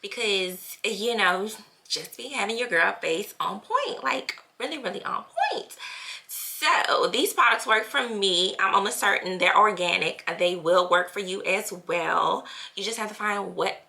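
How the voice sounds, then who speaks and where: A woman vlogging at home in a chatty, lively way, full of slang and casual fillers. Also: medium pitch, a little slow, vocal fry. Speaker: family channel vlogger. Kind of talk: casual chat vlog.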